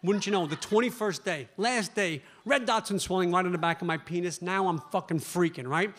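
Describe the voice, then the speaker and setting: A man performing stand-up comedy at a club, telling a story in a fast, animated way and often tagging lines with "right?". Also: sits high.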